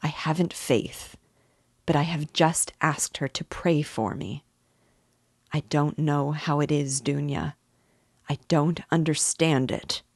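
A woman's voice: low-pitched, slow, husky, dry recording, studio quality, full character voice. A woman reading the lines of a tormented, proud young man in a novel, brooding and at times furious. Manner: brooding, bursts into fury.

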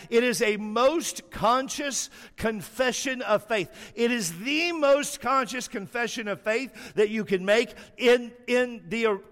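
High-voiced preacher in a reverberant hall. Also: male voice. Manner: animated storytelling, slows down hard for emphasis. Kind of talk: sermon.

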